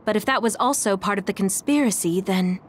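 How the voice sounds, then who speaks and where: A woman's voice: medium pitch, a little fast, slight background noise, lightly acted. A woman voicing a composed, formal young female clone in a video game. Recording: game audio with music behind.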